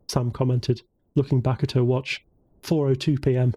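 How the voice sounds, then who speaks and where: A man reading a novel aloud as its narrator, in calm, measured scripted narration. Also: mid-range voice, no echo. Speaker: audiobook narrator.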